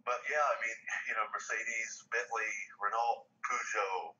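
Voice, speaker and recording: A man co-hosting a live stream, explaining things in a relaxed, matter-of-fact way. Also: on the low side, a little slow, distant mic. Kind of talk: casual chat. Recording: muffled roomy stream audio.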